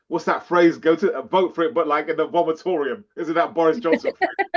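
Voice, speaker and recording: A man's voice: on the high side, brisk. A man co-hosting a podcast, chatting casually and animatedly, laughing and acting out quotes. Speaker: podcast co-host. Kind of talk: casual chat. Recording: dull lo-fi sound.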